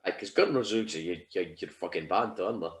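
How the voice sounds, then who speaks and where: A man's voice: low-pitched, expressive, fairly quick. A man hosting a podcast, chiming in with brief agreeing remarks in casual chat. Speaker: podcast host.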